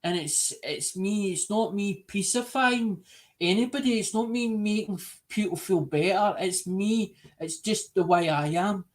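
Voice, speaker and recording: Scottish man, high voice, casual live stream host, earnest, rambling, repeats himself. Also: measured pace.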